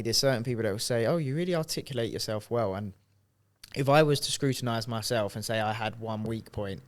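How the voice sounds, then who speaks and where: A man's voice: fairly low pitch, noisy background. A man co-hosting a podcast, chatting casually in a reflective way that often trails off and restarts. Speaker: podcast co-host.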